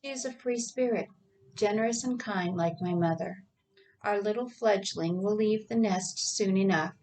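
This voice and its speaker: A woman voicing a gentle, affectionate middle-aged husband and father. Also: medium pitch, moderate pace, recorded from a distance, close to an everyday voice, low-quality recording. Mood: tender.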